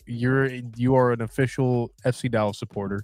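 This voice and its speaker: A man's voice: medium pitch, steady tone, normal speed, a little mellow, dry recording. Joking, teasing man on a livestream. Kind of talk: casual livestream chat.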